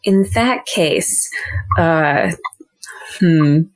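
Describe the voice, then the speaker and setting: A woman's voice: low voice, lively intonation, extremely slow. A woman playing a tabletop game, friendly and polite in a chatty way. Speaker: player.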